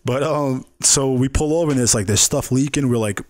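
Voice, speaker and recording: A man's voice: medium pitch, moderate pace, few pauses, no echo. Male New Yorker, chef guest on a chat show, rambling and profane, mid voice, dry sound. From New York City. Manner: loose, profane, rambling with lots of "like" and "man". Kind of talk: casual storytelling chat.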